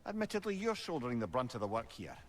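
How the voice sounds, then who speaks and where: An actor with a Scottish accent voicing a witty, talkative severed-head advisor in a video game. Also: male voice, mid-range voice, big pitch swings, fast talker, lightly acted. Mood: wry. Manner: wry, chatty storytelling. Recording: game audio with background noise.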